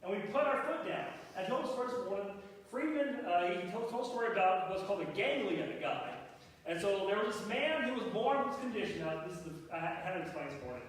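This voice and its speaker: A man's voice: high-pitched, expressive, fast talker. A pastor in his forties giving a folksy, playful storytelling sermon in a church. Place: church sanctuary. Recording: echoey hall, mic far off.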